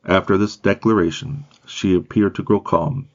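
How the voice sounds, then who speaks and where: A man reading a biography aloud in a measured, steady way, with occasional slips. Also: low-pitched. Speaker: audiobook reader. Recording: dull lo-fi recording.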